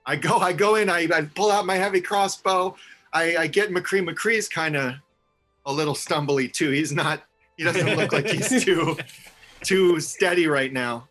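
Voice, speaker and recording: A man plays a hero in a tabletop game and keeps pushing and prodding other characters. His voice is a little high, with faint music underneath. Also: normal speed, a bit bright. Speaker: player. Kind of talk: tabletop game role-play.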